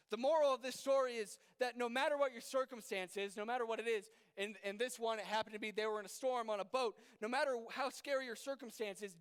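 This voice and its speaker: A young man speaking as a youth pastor, with a very high, smooth, resonant voice that carries through a hall with long reverb. He preaches casually, with fillers and questions aimed at his listeners. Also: fairly bright tone. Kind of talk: youth group sermon.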